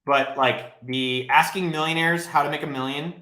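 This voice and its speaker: A man rambles through a casual live Q&A, swearing freely and riffing off viewers' questions. His voice sits a little high. The room around him gives a noticeable echo. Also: normal speed. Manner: profane, blunt, rambling and animated. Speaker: host of a live Q&A stream. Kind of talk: casual livestream Q&A. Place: home office, livestreaming. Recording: roomy echo.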